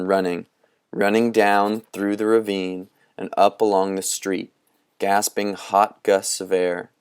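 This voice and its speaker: Deep, slow-reading male narrator. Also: a little mellow, clear, resonant tone, no echo, studio quality. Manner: slow, measured storytelling. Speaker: audiobook reader. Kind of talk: scripted narration.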